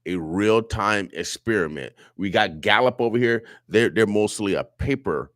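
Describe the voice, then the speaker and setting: In a radio studio, a male host delivers an impassioned talk radio monologue that's emotional, preachy, and full of repetition. His voice is lowish and fairly bright at normal speed, recorded dry with clean studio sound.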